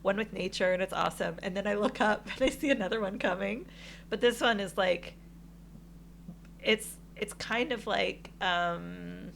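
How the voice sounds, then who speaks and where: A woman co-hosting a podcast, telling a travel story in casual chat, animated and laughing often. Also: medium pitch, normal speed, vocal fry, slight background noise. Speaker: podcast co-host.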